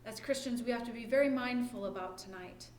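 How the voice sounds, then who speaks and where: Woman pastor, casual storytelling sermon, higher voice, roomy echo with faint background hum. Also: a little fast, a little mellow. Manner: conversational, asks "right?" often. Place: church or home during lockdown worship. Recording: echoey room with faint ambience.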